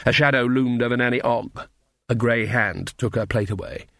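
A man's voice: mid-range voice, normal speed, vocal fry, fairly bright tone, no echo. Man narrating an audiobook, dry close.

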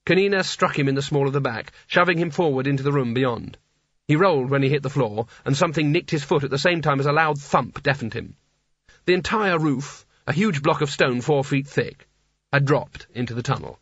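A man's voice: medium pitch, fairly bright tone, breathy edge, no echo. Man narrating a wry fantasy audiobook. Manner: measured, wry storytelling. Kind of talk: scripted narration. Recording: dull dry audiobook recording.

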